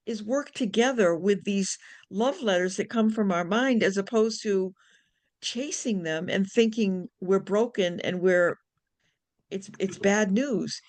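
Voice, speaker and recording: Woman, nurse, casual group chat, video call, animated, restarts a lot, swears casually. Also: mid-range voice. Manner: animated, acts out inner voices, frequent restarts. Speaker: nurse, book club member.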